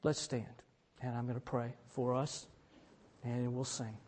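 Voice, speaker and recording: A man preaching a sermon as a pastor, slow and deliberate, swinging between emphatic lines and hushed ones. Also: medium pitch, level tone, a little hiss or hum. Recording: long reverb in a large hall.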